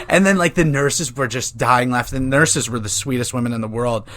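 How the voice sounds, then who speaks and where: A man's voice: mid-range voice, brisk, hardly any pauses, fairly bright tone. A man in his twenties hosting a podcast, telling crude, joking stories in casual chat. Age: 20s. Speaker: podcast host.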